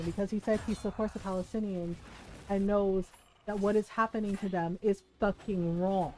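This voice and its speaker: A woman's voice: a little high, a little mellow, poor audio. A woman streamer ranting casually and heatedly, swearing freely and tossing in rhetorical questions. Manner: heated, profane, rhetorical asides. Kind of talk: casual livestream rant.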